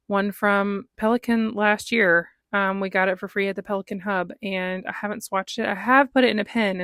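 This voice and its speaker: A woman's voice: mid-range voice, a bit bright, dry recording. A woman vlogging about her fountain pen inks in a casual, chatty way, with lots of ums and small laughs. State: recovering from a cold. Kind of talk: casual show-and-tell vlog.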